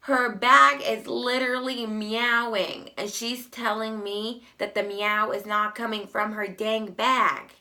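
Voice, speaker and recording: A woman's voice: on the high side, fairly even intonation, takes it slowly, few pauses, sharp tone. A young adult woman telling customer service stories in a casual vlog, emphatic and exasperated. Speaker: vlogger.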